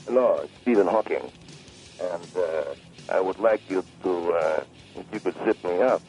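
Brief: a man voicing a deadpan robotic scientist, very deep, French accent. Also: moderate pace, soft background music, natural voice, low-quality recording. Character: deep mechanical-sounding male scientist impression.

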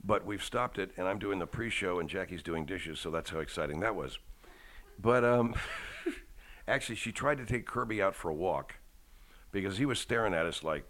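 A man's voice: low-pitched, animated, moderate pace, a bit bright. A man hosting a podcast, rambling casually with profane, self-deprecating humor at home. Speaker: podcast host. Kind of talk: casual chat.

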